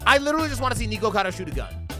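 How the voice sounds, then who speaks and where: A man's voice: sits high, big pitch swings, very fast, over music. A man hosting a reaction video, giving incredulous, profane commentary and repeating his questions.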